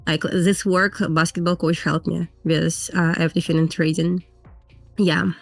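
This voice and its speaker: A woman's voice: lowish voice, flat delivery, measured pace, gravelly, faint music behind. A woman from Belarus with a Russian accent, a guest trader talking earnestly in casual interview chat over a video call. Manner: earnest, plain-spoken non-native English with frequent laughs.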